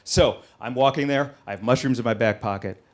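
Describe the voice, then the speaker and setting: A man doing a stand-up set, telling a story in an animated way that gets louder and higher at the punchlines. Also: fairly quick. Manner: animated storytelling, rising loud and high at punchlines. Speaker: stand-up comedian. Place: comedy club stage with live audience.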